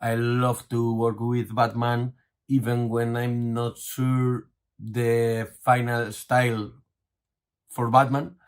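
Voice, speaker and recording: A man, a comic book artist, answering an interview question in a hesitant, halting way with many fillers and restarts. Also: medium pitch, flat delivery, smooth.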